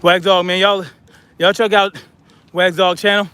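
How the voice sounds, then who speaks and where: A man's voice: high-pitched, level tone, measured pace, sharp tone, smooth. A man talking bluntly to his viewers while hiking uphill with a pack, out of breath, calling them y'all. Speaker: vlogger. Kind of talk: casual monologue while hiking. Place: outdoors on a hiking trail.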